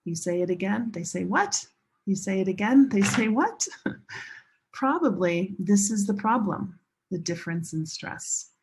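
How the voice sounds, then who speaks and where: A woman teaching English pronunciation, speaking slowly and deliberately and drawing out stressed syllables to demonstrate. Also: medium pitch, a little mellow, husky. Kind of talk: classroom teaching.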